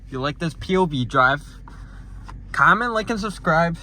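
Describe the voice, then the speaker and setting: A man's voice: on the high side, expressive, normal speed, pushed and bright, a little hiss or hum, low-quality recording. Slangy young man chatting while driving. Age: young adult. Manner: joking, rambling, slangy and profane. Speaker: vlogger. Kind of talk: casual POV driving vlog chat. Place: inside a car while driving.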